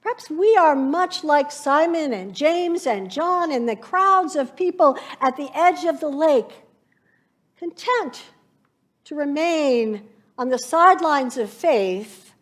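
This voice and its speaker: A woman pastor preaching a sermon, slow and reflective, painting scenes from scripture for her congregation. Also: high-pitched, lively intonation.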